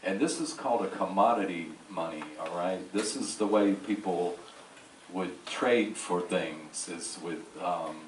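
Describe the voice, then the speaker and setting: A Southern man from New Orleans lecturing to a cruise audience, slow and folksy with easy jokes. His voice sits low and deep. It was taped from far back in an echoey hall with a faint hiss. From New Orleans, Louisiana. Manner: slow, folksy, joking asides. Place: large ship lecture hall. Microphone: far from the recording mic.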